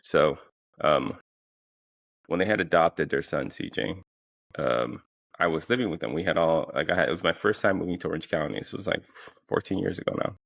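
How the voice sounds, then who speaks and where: A man's voice: very deep voice, animated, normal speed, creaky, a bit bright, no echo. A man telling a funny story in a rambling, profane way, full of fillers and restarts, sounding a little tired. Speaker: podcast host. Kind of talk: casual comic storytelling. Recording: dull lo-fi, dry sound.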